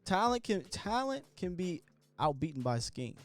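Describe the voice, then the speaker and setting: A man's voice: sits high, very animated, moderate pace, soft background music. A man hosting a casual sports talk show, chatty and jokey as he talks through his points.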